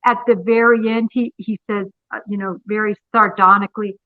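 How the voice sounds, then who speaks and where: A woman guest breaks down a clip in an emphatic, analytical way, retelling what was said. Her voice is of middling pitch. It comes through a thin, phone-like remote line with a dry sound. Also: level tone, a little fast, dry recording. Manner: analytical, emphatic, retells exchanges with mimicked quotes. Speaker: guest commentator. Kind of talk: conversational interview analysis.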